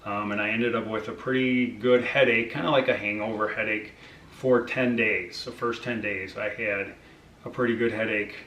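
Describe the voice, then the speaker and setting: A middle-aged man shares his story in a relaxed, conversational way, slipping into quoted dialogue with frequent fillers. He sits some distance from the mic, and the room adds a noticeable echo. A faint hum of background noise runs underneath. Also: fairly low pitch, normal speed. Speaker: vlogger sharing his diet journey. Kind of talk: casual personal storytelling.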